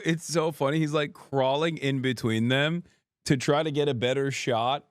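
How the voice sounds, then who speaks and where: A man's voice: medium pitch, steady tone, normal speed, soft background music, a faint crowd. A man hosting a livestream reaction, talking in a sarcastic, mocking way. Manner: sarcastic, mocking, laughs often. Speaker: streamer host.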